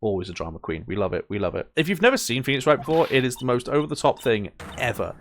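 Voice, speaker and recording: A man's voice: mid-range voice, big pitch swings, fast, slight background noise. A man live-streaming a game, chatting playfully and greeting viewers. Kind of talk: casual live-stream chat.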